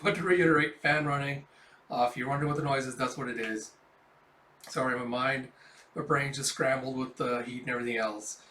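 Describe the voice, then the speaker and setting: A man's voice: mid-range voice, fairly even intonation, fairly quick, pushed and bright, a little hiss or hum. Man recapping a comic, echoey room. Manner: rambling, chatty asides. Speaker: manga reader and reviewer. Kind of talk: casual story recap. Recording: echoey room, mic at a distance.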